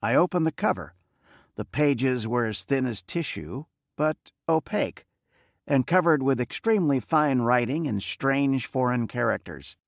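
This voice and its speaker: Gravelly male audiobook narrator. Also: mid-range voice, animated, unhurried, no room sound, studio quality. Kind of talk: scripted first-person narration.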